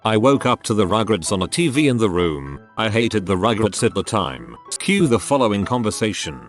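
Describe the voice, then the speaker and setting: Lowish male story narrator. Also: sing-song, moderate pace, soft background music. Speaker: narrator of reddit stories.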